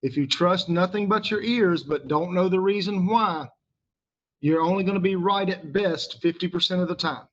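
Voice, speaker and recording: A male teacher, patiently walking a class through a grammar lesson and pausing for their answers. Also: high voice, highs cut off. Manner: patient, asks the class questions and pauses for answers.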